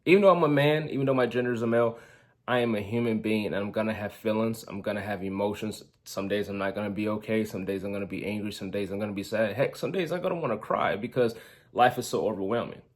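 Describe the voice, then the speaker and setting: A man's voice: lowish voice, fast. A young adult man, a relationship coach, talking earnestly to camera from his notes and acting out everyday examples. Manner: earnest, reads from notes, repeats points with quoted examples. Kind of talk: casual talk to camera.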